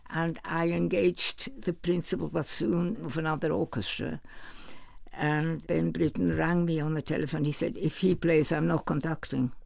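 A man's voice: on the high side, no room sound. An older man, a former orchestra manager, telling anecdotes in an interview. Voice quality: very gravelly. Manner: warm anecdotal storytelling with quoted voices. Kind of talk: reminiscing interview answers.

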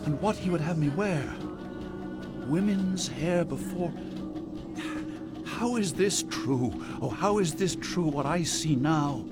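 A man's voice: a little high, slow pace, long pauses. Brooding haunted man over music. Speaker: aging dramatist. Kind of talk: radio drama monologue. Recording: music underneath.

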